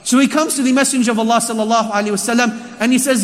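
A man with a very high voice tells a sermon story in an animated, conversational way. His words carry a long hall reverb. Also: very fast, hardly any pauses. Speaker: preacher.

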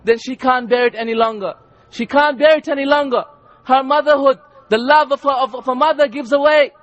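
A male preacher giving an impassioned sermon, repeating lines and rising to shouts. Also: extremely high pitch, fairly even intonation, fairly quick, no echo, dull audio.

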